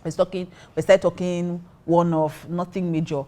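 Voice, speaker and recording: A middle-aged woman with a Nigerian accent, a pastor and co-host, telling a story in a lively way and acting out the quotes. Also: fairly low pitch, moderate pace. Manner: lively, acts out quotes, mixes in Pidgin. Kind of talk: casual storytelling chat.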